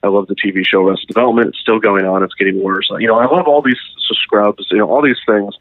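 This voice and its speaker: A man's voice: on the low side, quick pace, dry recording. A man speaking as a guest in a casual interview, rambling with lots of ums and restarts. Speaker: guest, YouTube documentary creator. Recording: tinny phone-like line.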